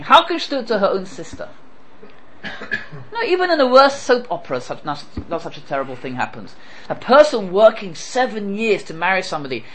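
A Torah teacher with a high-pitched, fairly bright voice lectures on scripture. He asks rhetorical questions and quotes Hebrew verses, then translates them. The recording quality is low.

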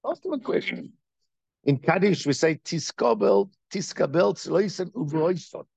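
Guy teaching a torah class, lively up-and-down voice, gravelly, kinda muffled lo-fi sound. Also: sits high, measured pace, dry recording. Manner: animated, questioning, rhetorical.

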